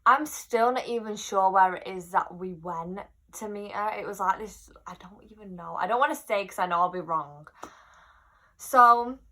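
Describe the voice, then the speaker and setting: A woman's voice: mid-range voice, moderate pace. A young woman telling a personal story in a casual, chatty vlog, acting out what people said. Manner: chatty, animated retelling with quoted voices. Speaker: vlogger.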